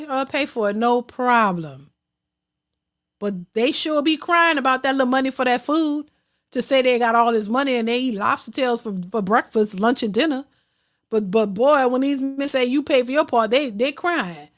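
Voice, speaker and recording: A woman hosting a livestream, chatting casually and reading out super chats, with speech, blunt and animated, laughing often. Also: sits high, moderate pace.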